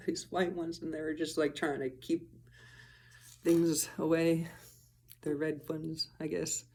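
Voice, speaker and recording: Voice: medium pitch, a little mellow. A person talking casually to camera in a rambling, profane vlog monologue, chuckling often and trailing off mid-thought. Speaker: vlogger.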